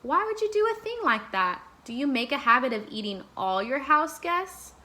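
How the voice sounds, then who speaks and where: A woman voicing a fussy, excitable little male doughnut in a children's storybook read-aloud, prim and dramatic. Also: moderate pace, full character voice. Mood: indignant. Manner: high-pitched, prim and dramatic.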